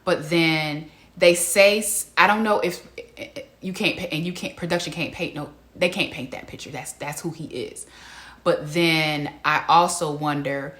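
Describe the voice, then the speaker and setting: A woman gives a casual reality TV recap, animated and incredulous and laughing often as she talks to her viewers. Her voice sits a little low but sounds bright and sharp. The room around her is echoey. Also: a little slow. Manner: laughs often mid-sentence.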